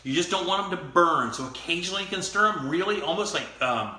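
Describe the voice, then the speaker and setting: Bright-voiced man hosting a cooking show. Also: fairly high pitch, expressive, fast talker, reverberant, slight background noise, rough recording. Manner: chatty, loose, joking asides. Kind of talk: casual cooking demonstration. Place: kitchen studio.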